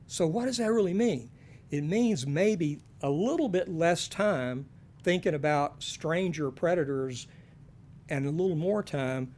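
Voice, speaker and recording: A man's voice: fairly high pitch, a little mellow, a little hiss or hum. A man giving a conversational talk to parents, with folksy joking asides.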